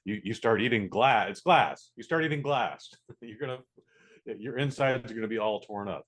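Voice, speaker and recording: A man's voice: fairly low pitch, moderate pace, fairly bright tone. A man co-hosting a casual podcast, talking in a laid-back, matter-of-fact way and swearing freely. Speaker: podcast co-host.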